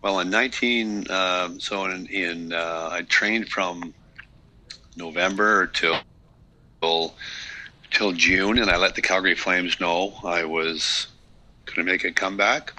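A man's voice: low-pitched, fairly even intonation, slow pace, sharp tone, low-quality recording. A man in his fifties, a podcast guest, telling his story in a candid, reflective way with many restarts. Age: 50s. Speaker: guest, retired hockey player. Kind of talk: casual podcast interview.

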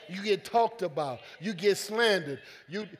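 A high-pitched male pastor preaching to his congregation, swinging from soft asides to loud, emphatic calls. He acts out quoted voices in easy vernacular. His voice rings with the long reverb of a church sanctuary. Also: animated, a little slow. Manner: call-and-response preaching, swelling to loud emphatic lines. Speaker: senior pastor. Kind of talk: preaching a sermon.

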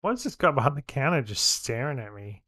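A man's voice: medium pitch, animated, a little fast, bright, forceful tone, no room sound, clean studio sound. A man casually joking and bantering while streaming gameplay commentary. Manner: joking, laid-back banter. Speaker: gaming streamer.

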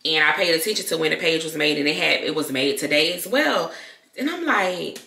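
A woman YouTuber talking candidly to her viewers, loud and expressive, in casual talk to camera. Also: sits low, a little fast, vocal fry. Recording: echoey room.

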